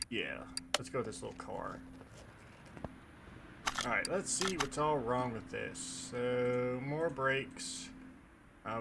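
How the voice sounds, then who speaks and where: A man casually commenting while playing a game, relaxed and rambling with playful asides. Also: medium pitch, noisy background. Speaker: gaming video host.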